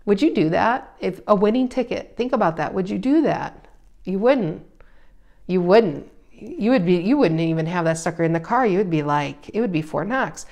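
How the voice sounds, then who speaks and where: A woman giving a casual tarot reading, emphatic and animated, her voice rising loud and dropping soft. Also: fairly low pitch, normal speed, gravelly. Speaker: tarot reader.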